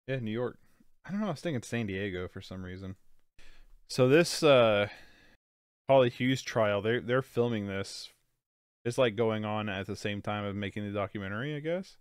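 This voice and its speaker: A young man with a somewhat low, smooth voice and a stuffed-up nose hosts a movie watch-along. He rambles casually, saying "like" constantly. The sound is dry and close. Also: normal speed, no room sound. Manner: rambling, filler-heavy, says "like" often. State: stuffed-up nose and sleepy, yawning. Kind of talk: casual movie reaction commentary.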